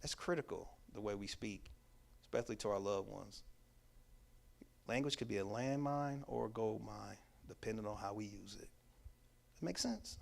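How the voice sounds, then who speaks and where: A man's voice: on the low side, normal speed, gravelly, pauses often. Emphatic man teaching a workshop. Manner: emphatic, repetitive preaching cadence; casual, conversational grammar. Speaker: workshop presenter. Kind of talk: teaching talk to a church audience.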